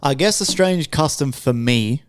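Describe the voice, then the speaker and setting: An Australian man talking loudly and swearing freely, with jokey banter, as a guest on a podcast. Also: medium pitch, lively intonation, measured pace, smooth, no room sound, studio quality. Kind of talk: casual podcast chat.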